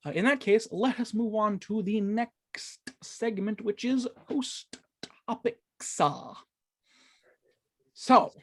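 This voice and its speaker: A man's voice: high voice, takes it slowly, long pauses, a bit bright. A man hosting a casual gaming podcast, rambling with lots of fillers and stumbling over his words, swearing when he loses track. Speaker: podcast host.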